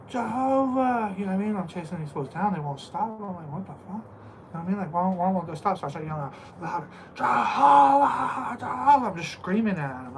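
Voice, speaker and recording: A man co-hosting a podcast on a porch, telling stories in a casual, animated way, with frequent laughs and "you know what I mean.". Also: fairly high pitch, rough recording. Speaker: podcast co-host. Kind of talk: casual porch chat, storytelling. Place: outdoor porch. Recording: outdoor recording with clear background noise.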